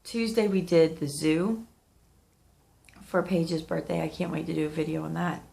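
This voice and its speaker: A woman's voice: sits low, steady tone, moderate pace, gravelly, mellow. A woman in her thirties, sniffling and under the weather, chatting candidly to camera in a rambling vlog. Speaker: vlogger. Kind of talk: casual talk to camera.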